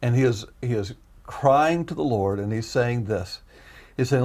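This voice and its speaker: A man giving an earnest, emotional personal testimony. He is a guest, and at times his telling rises into loud, high pleading. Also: lively intonation, measured pace.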